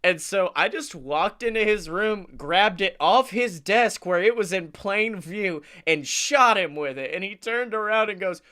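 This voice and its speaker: A man co-hosting a comedy podcast, telling animated stories, acting out quotes and laughing often. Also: sits high, unhurried, hardly any pauses. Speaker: podcast co-host. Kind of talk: casual comedic storytelling.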